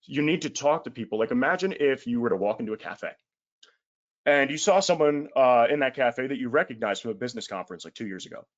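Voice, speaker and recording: A man's voice: medium pitch, expressive, fast talker, highs cut off. A man giving a casual webinar sales talk, blunt and emphatic, in colloquial words with the odd swear.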